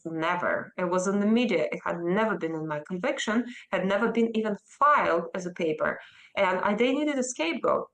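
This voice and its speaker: A Russian-accented woman in her thirties answers a news interviewer's questions. She speaks emphatically and earnestly, and her voice often leaps higher as she makes a point. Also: a bit bright, rough recording. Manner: emphatic and earnest, with sudden rises in pitch. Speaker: interview guest.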